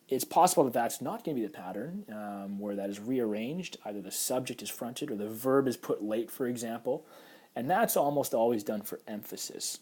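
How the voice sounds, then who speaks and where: A man's voice: on the low side, darkish tone. A man teaching a recorded Hebrew grammar lecture, explaining patiently over slides with frequent fillers.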